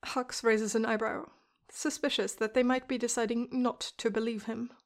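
A woman calmly reading a story aloud in a measured way. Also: a little high. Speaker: podfic reader. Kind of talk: storybook narration.

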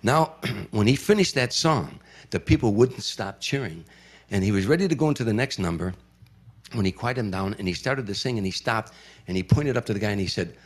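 A middle-aged man telling a story in casual conversation, building the drama and dropping into hushed tones. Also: on the low side, animated, a little fast.

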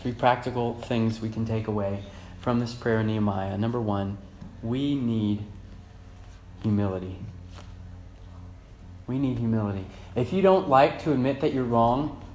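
A man in his thirties preaching a sermon as pastor, moving between loud fervent emphasis and soft reflective passages. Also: medium pitch. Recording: echoey church room with faint hum.

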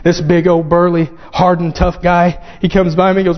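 A man preaching a sermon, fervent and growing excited as he quotes scripture. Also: high voice, normal speed. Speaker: pastor. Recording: dull lo-fi sound with long hall reverb.

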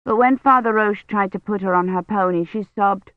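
A woman narrating an audiobook in a measured, even storytelling manner. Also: mid-range voice, no echo, lo-fi sound. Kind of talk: scripted narration.

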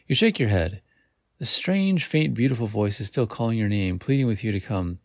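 A man's voice: fairly low pitch, animated, moderate pace, no echo, studio quality. A man hosting a podcast, reading a gamebook aloud in a casual way, with slips and self-corrections. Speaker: podcast host.

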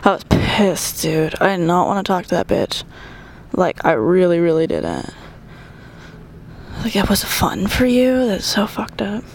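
A young woman telling a story in casual chat, her voice gravelly with fry. She swears freely and slips into half-whispered asides while exercising. A faint hum of noise sits behind her. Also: fairly low pitch, sing-song, unhurried. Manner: chatty, profane, often whispering asides.

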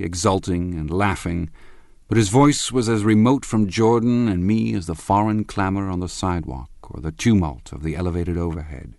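A man narrating a literary novel as an audiobook, in a measured, expressive first-person reading. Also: sits low, creaky, dry recording, clean studio sound.

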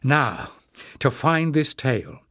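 A man's voice: mid-range voice, very animated, slow pace, a bit bright, dry recording, clean studio sound. A man voicing a young male king who speaks politely but with tense control.

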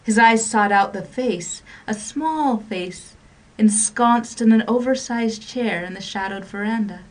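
Expressive woman narrating a radio story. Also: a little high, a little slow, far from the mic. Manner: expressive, shifting pace and volume with the drama.

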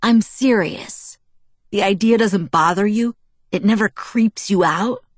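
A woman reading the lines of a teasing, curious teenage boy in an audiobook, asking soft questions. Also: medium pitch, measured pace, dry recording, pitched above the performer's own voice, lightly acted.

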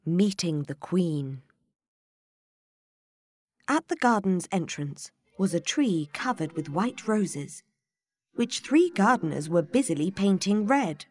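A woman narrating a children's storybook in an expressive, measured way. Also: fairly low pitch, dry recording.

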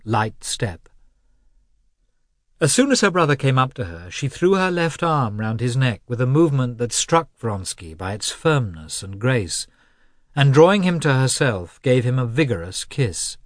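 A male audiobook narrator reads a classic novel in an expressive, measured storytelling style. His voice is mid-range, and the recording is dry with clean studio sound.

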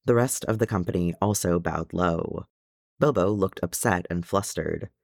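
A man narrating a fan fiction audiobook in a measured, gentle storytelling way. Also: low-pitched, vocal fry, no echo, clean studio sound. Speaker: audiobook reader.

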